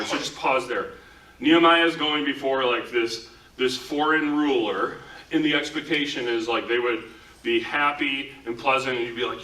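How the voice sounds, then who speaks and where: Bright-voiced man preaching in an echoey room. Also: medium pitch, moderate pace, recorded from a distance. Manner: casual, talks with frequent "like" fillers. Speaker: pastor. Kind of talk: conversational sermon. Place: church. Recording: echoey room, speaker away from mic.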